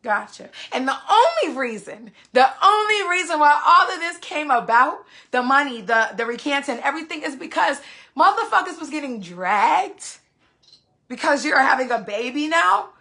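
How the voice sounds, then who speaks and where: A woman's voice: sits high, animated, moderate pace, sharp tone. A woman vlogger venting to her viewers in heated casual talk, cursing freely and repeating phrases for emphasis.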